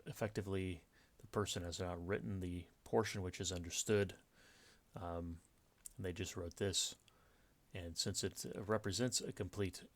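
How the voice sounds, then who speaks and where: A man explaining punctuation rules in a casual lecture, relaxed and explanatory, with frequent fillers and restarts. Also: low voice. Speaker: writing teacher.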